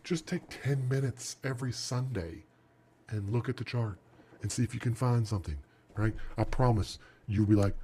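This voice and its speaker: A man teaching a trading lesson over charts, animated and emphatic, talking straight to the viewer. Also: fairly low pitch, brisk, husky. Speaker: trading instructor.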